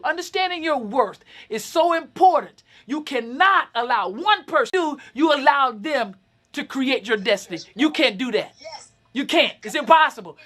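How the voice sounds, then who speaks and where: Woman in her fifties, high voice, motivational speaker, dramatic storytelling. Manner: lively, dramatic, acts out scenes with shouts. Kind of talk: animated personal storytelling.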